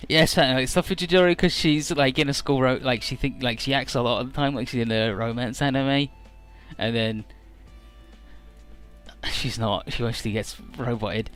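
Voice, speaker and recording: Young man, let's play commentary, casual and rambling, mid-pitched voice, faint game music behind. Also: steady tone, moderate pace, a bit bright, smooth. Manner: casual, rambling, swears freely. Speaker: let's player.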